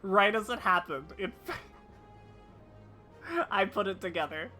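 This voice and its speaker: Bright, playful woman streamer. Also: medium pitch, takes it slowly, soft background music. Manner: playful, self-mocking. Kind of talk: casual live-stream chat.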